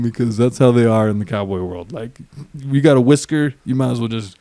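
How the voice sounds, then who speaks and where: A man telling a story on a podcast, lively and laughing often, acting out what people said to him. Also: mid-range voice, moderate pace, dry recording. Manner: animated, laughs often, acts out quotes. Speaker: podcast guest, auctioneer and trucker. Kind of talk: casual storytelling.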